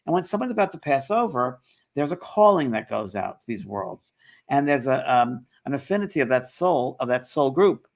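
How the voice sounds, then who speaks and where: Gravelly-voiced man telling a story. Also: medium pitch. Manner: animated storytelling, quotes others with quick voice shifts. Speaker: host. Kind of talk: casual chat.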